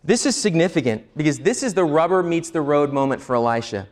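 A man's voice: a little high, expressive, a little fast. A male pastor preaching a sermon, teaching earnestly and asking the listeners rhetorical questions.

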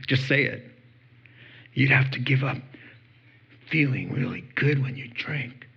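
Male pastor, husky voice, unhurried delivery, animated storyteller who acts out voices, dull lo-fi recording. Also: mid-range voice. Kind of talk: sermon.

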